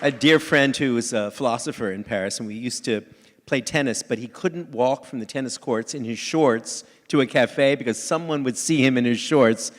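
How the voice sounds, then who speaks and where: A man's voice: mid-range voice, normal speed. A man interviewing an author on stage, attentive, laughing often and echoing his guest's words. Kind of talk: onstage interview. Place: large festival hall on stage.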